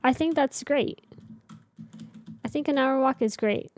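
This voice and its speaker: A woman's voice: high-pitched, measured pace. A young woman streamer chatting casually with her viewers while building in a game, rambling and answering chat.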